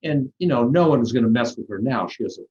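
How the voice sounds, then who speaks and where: A middle-aged man, a plastic surgeon, talking through patient stories in a relaxed, rambling interview with frequent restarts. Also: medium pitch, fast talker. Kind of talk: conversational interview storytelling. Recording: dull lo-fi audio.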